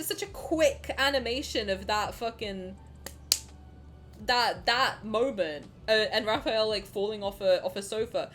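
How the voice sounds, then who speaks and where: A woman streaming and chatting casually with her chat, animated and swearing freely, dropping to low mutters and then rising to loud outbursts. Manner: reads chat questions aloud and answers them.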